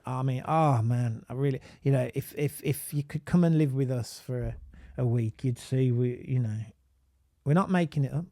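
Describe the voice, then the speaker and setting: A man with a Birmingham accent, an autism advisor and parent, talking in an animated, emphatic monologue with frequent restarts and tangents. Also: medium pitch, no room sound, studio quality. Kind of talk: casual live-stream monologue.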